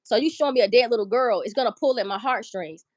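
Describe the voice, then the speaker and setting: A woman's voice: a little high, fast, dry recording. A middle-aged woman hosting a livestream, ranting emotionally and profanely. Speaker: livestream host. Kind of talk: casual livestream commentary.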